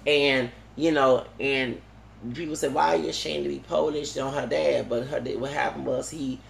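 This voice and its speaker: A man's voice: mid-range voice, steady tone, normal speed, gravelly, roomy sound, slight background noise. A man talking in a long, rambling monologue, full of restarts and tag questions like "okay?". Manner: digressive, many restarts and "okay?" tags. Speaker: vlogger.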